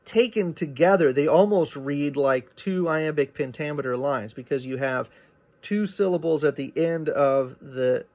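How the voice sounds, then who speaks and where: A man teaching a poetry lesson, explaining meter in a relaxed way, often checking in with "right?" and filling pauses with "uh" and "um.". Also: medium pitch. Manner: explanatory, frequent "right?" and "uh" fillers. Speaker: literature teacher. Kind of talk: recorded poetry lecture.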